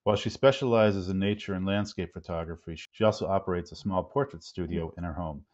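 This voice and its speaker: Deep-ish guy reading a webinar intro, steady, muffled lo-fi sound. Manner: measured, formal, some ums. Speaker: webinar host. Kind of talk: read-out introduction. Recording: dull lo-fi webinar audio.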